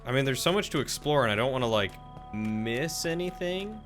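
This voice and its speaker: Brief: male streamer, bright and forceful voice, playful, faint game music under his voice. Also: mid-range voice, expressive, a little fast. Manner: playful, reads in-game letters aloud. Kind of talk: live game streaming commentary.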